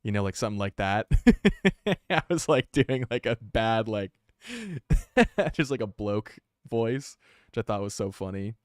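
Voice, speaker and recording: A man's voice: lowish voice, expressive, measured pace, smooth, dry recording, studio quality. A man chatting casually while drawing on a live stream, rambling and self-aware and filling his speech with "like.".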